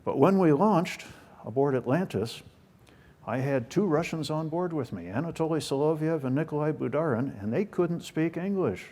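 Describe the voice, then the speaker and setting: A man's voice: a little high, expressive, moderate pace, darkish tone. Older man telling folksy stories. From United States. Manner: folksy, self-deprecating humor. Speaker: guest speaker. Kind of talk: storytelling talk.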